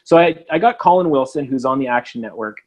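Animated man talking sports betting. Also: medium pitch, fast talker. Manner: animated, acts out quoted voices. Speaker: podcast co-host. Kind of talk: casual sports betting chat.

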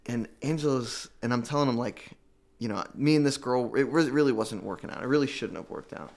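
A man giving an emotional personal testimony about recovery, earnest and halting, with many restarts. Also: medium pitch, a little mellow. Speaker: guest telling his recovery story.

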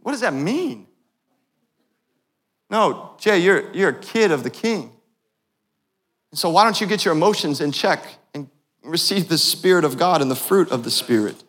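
A passionate male pastor with a high voice, preaching to his church. He moves between quiet, intimate moments and fervent, climbing peaks, and jokes with the congregation along the way. His voice rings with the long reverb of a large church hall. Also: lively intonation, moderate pace. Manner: passionate preaching that swings from hushed to loud. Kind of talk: sermon. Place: church sanctuary.

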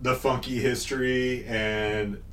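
A man's voice: mid-range voice, level tone, slow, fairly bright tone, slight background noise. A man co-hosting a casual podcast chat, reflective and easily amused. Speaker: podcast co-host. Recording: roomy, distant from the mic.

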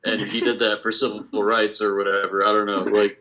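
A man's voice: fairly low pitch, level tone, brisk, pushed and bright, poor audio. A man co-hosting a casual podcast, making laid-back, wry jokes. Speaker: podcast co-host.

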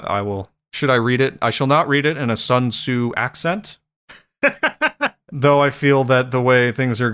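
A man's voice: medium pitch, fairly bright tone, clean tone. Rambling, joking male podcast host. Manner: rambling, joking, laughs often. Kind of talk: casual podcast monologue.

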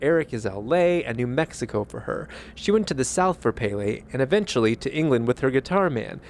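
A man's voice: mid-range voice, lively intonation, brisk, a little hiss or hum. A man co-hosting a podcast, chatting casually and reading a listener's email aloud with an easy, amused tone. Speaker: podcast co-host.

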